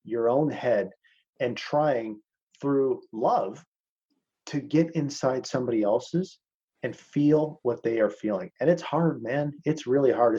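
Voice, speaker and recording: A man's voice: mid-range voice, warm tone, slightly rough, dull audio. A man teaching a masterclass in casual talk over a video call. He is blunt, swears freely and calls his listeners "man".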